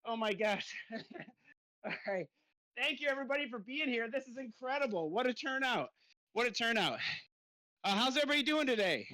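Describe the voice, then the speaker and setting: Pedaling a bike trainer during a live podcast, a middle-aged male host talks breathlessly into a desk mic on a stand. His very high, pushed, bright voice is upbeat and chatty, with lively intonation, a slightly fast pace, frequent pauses, laughter and stumbled words, and no echo.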